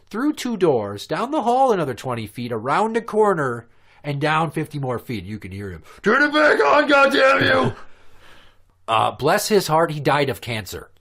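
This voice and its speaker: A man's voice: a little high, big pitch swings, moderate pace. A man from Minnesota hosting a podcast, telling stories in a crude, profane, casual way and laughing at his own jokes. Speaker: podcast host. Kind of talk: casual storytelling chat.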